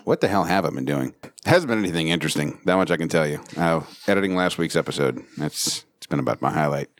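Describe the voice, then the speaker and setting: A man's voice: extremely low pitch, lively intonation, quick pace. A man co-hosting a casual podcast chat, joking, swearing freely and laughing often. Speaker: podcast co-host. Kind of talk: casual banter.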